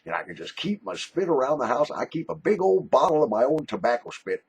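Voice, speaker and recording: A man voicing a crude, dip-chewing redneck man in a put-on redneck drawl, boastful and loud. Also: a little high, sing-song, fairly quick, vocal fry, slightly rough, pitched above the performer's own voice, full character voice. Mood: gleeful.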